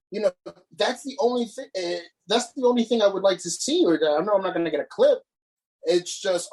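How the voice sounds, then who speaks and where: A man's voice: high-pitched, expressive, brisk, poor audio. A man co-hosting a casual podcast, ranting with frequent swearing and restarts. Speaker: podcast co-host.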